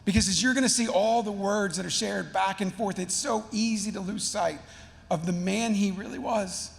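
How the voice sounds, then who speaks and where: A male pastor with a high, gravelly voice, preaching in a relaxed and slangy manner. His words ring out with a long church reverb. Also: normal speed. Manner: casual, slangy, conversational. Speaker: teaching pastor. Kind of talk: sermon. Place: church sanctuary.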